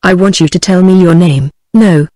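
A woman's voice: lowish voice, moderate pace, close to an everyday voice. A British-accented text-to-speech woman's voice reading the lines of a wistful seventeen-year-old girl, with no change of voice. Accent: British English. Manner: flat synthetic delivery, no voice change.

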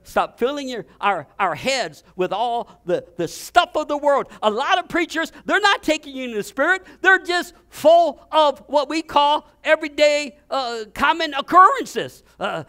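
High, bright-voiced fervent male preacher. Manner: fervent, repeats words, stumbles and restarts. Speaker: pastor. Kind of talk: storytelling sermon.

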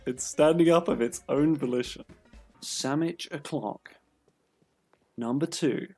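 A man's voice: a little high, a little slow, a little mellow, breathy edge, faint music behind. A man giving playful, giggly commentary as he plays a video game, laughing often. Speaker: streamer. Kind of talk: gameplay commentary.

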